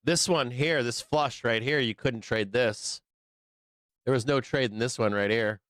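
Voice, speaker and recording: A man hosting a live trading stream, chatting casually in a profane, rambling, excitable way. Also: mid-range voice, unhurried, no echo, studio quality. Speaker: livestream trading show host. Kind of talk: casual livestream chat.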